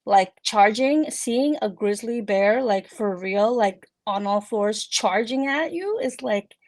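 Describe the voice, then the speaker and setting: Slow, gravelly-voiced woman running a game. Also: medium pitch, animated, darkish tone. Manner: giggly, lots of fillers. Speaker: game master. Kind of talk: narrating a tabletop game.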